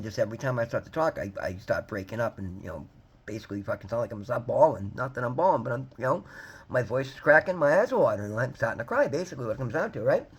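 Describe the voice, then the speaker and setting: A man's voice: medium pitch, big pitch swings, rapid-fire, husky. A man in his fifties talking candidly to camera in a rambling, emphatic way, often calling his viewers guys. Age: 50s. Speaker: vlogger. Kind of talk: candid personal talk to camera.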